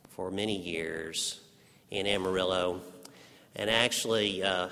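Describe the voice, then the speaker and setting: A man with a Texas accent preaching a sermon after an opening prayer, measured and building to dramatic emphasis. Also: low voice, a bit bright, long reverb tail. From Texas Panhandle. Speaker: seminary teacher preaching. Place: large church sanctuary.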